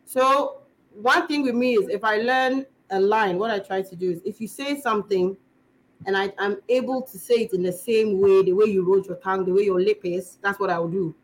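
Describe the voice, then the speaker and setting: Una mujer joven con acento inglés de Ghana que conversa de forma informal como invitada en una entrevista y cuenta anécdotas de manera animada, imitando voces. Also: female voice, mid-range voice, normal speed, low-quality recording. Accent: Ghanaian English. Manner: animated, acts out voices while telling stories. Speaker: guest storyteller, actress. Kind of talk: casual interview chat.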